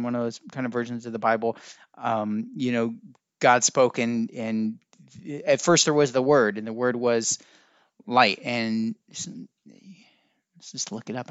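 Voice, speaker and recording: A man hosts a solo podcast in a smooth, medium-pitched voice, musing in a teacherly way and repeatedly correcting himself. The recording is dry, dull, and lo-fi, with no echo.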